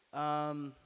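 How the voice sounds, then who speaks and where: This twenty-something guy tries out stand-up at an open mic in a small student space indoors, loose and foul-mouthed and full of fillers. He sounds smooth and fairly high. Long reverb rings through the live room.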